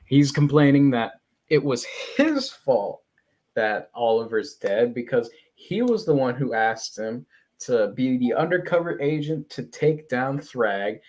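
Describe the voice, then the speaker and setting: A man hosting a podcast, recapping a comic in a casual, animated way and swearing freely. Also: medium pitch. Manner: animated, swearing, acts out quotes. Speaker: podcast host.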